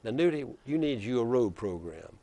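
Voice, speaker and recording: A man imitating an old Southern governor with a deep Alabama Black Belt accent, coaxing and repeating a younger lawmaker's nickname. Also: very animated, moderate pace, warm tone. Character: older male Southern governor, drawling and coaxing.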